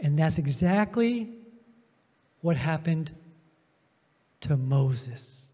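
A man preaching a sermon as pastor, emphatic, with drawn-out pauses and swings between loud and soft. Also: on the high side, lively intonation, breathy edge. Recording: long hall reverb.

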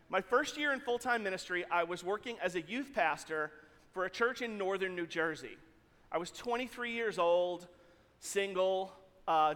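A man pastor telling a story in an animated, jokey way to his congregation in a church hall. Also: sits high. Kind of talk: sermon storytelling.

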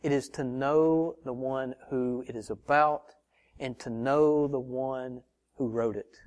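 A man's voice: mid-range voice, fairly even intonation, takes it slowly, darkish tone. A man preaching a sermon as pastor, earnestly pressing the congregation with rhetorical questions and calling them brothers and sisters. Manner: addresses listeners as brothers and sisters.

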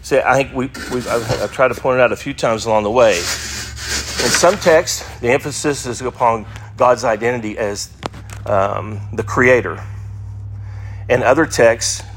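A man's voice: medium pitch, measured pace, fairly bright tone, slight background noise. A man teaching an adult Sunday school class, talking conversationally with fillers and restarts and stressing key words with sudden emphasis.

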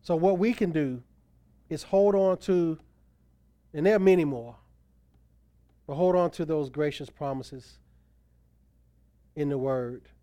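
A man's voice: on the high side, slow pace, long pauses, mellow, no echo. A man preaching a sermon as pastor, quoting scripture with emphatic rises and drops. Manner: emphatic preaching, voice rising and falling for stress.

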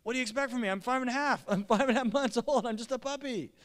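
A man voicing a young female puppy who whines that she is only a baby, in a high plaintive voice. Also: rapid-fire. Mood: pleading. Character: hyper young female puppy, pleading innocence.

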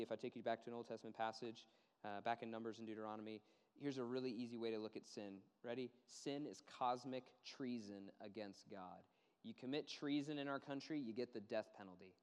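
A man preaching a sermon, earnest and emphatic, repeating words and dropping low and quiet to stress a point. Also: clean tone. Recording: long hall reverb.

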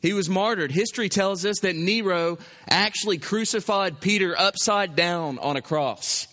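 A man preaching a sermon as pastor, animated, voicing imagined objections. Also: high voice, moderate pace, big-room sound.

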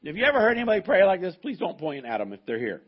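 A male pastor preaches to a live congregation at a church service, emphatic yet conversational, with frequent restarts. His voice is high, husky, and very fast, with huge pitch swings. The recording sounds dull and muffled.

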